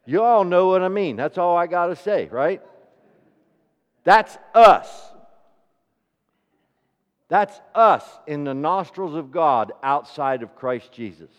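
Man preaching, hushed to booming. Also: animated, takes it slowly, long pauses. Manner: swings from hushed near-whispers to loud ringing declarations; rhetorical questions to the congregation. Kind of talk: sermon. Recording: reverberant hall, dull low-fidelity sound.

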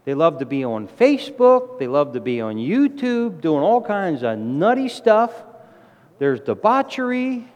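A middle-aged man preaching a sermon with emphatic delivery, his voice rising to loud exclamations. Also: fairly high pitch, sing-song, a little slow. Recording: long hall reverb.

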